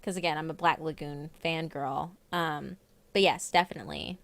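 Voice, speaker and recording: A woman's voice: low-pitched, normal speed, vocal fry, no echo, clean studio sound. A young woman with a light Southern US accent hosting a live stream, chatting animatedly with guests. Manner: chatty, animated fan talk. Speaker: stream host. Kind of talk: casual live-stream chat.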